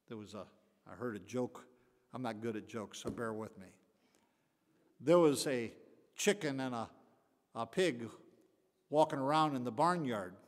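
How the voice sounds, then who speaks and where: A man's voice: medium pitch, unhurried, long pauses. Older male pastor preaching in an echoey church. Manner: folksy preaching, rising to emphatic bursts and dropping to quiet asides. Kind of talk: Bible study sermon. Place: church sanctuary. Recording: long echoey hall reverb.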